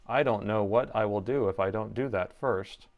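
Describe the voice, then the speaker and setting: A man doing a droning deadpan monotone guy. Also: lowish voice, phone-quality sound, natural voice. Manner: flat, slow, deadpan delivery.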